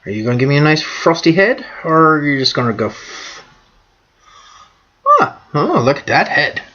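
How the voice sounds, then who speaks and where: A woman's voice: sits low, very animated, moderate pace, pushed and bright, muffled recording. A woman vlogging casually over a beer, telling crude jokes in a brash, joking manner. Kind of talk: casual beer-drinking vlog with bawdy jokes.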